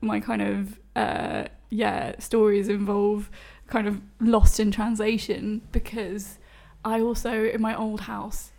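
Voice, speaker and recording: A woman's voice: mid-range voice, little pitch movement, slow, creaky, few pauses, a little mellow. A woman, telling stories in a casual podcast chat, chatty and self-deprecating with many fillers.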